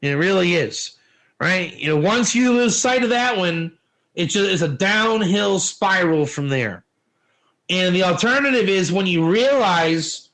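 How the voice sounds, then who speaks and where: High-voiced man teaching a lively lesson. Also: a little slow, poor audio. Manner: animated storytelling with rhetorical questions. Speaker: Torah teacher. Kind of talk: informal lesson.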